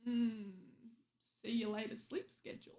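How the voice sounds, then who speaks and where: A woman's voice: on the high side, level tone, normal speed, mellow. A young woman streamer chatting casually with viewers late at night, teasing them and laughing often.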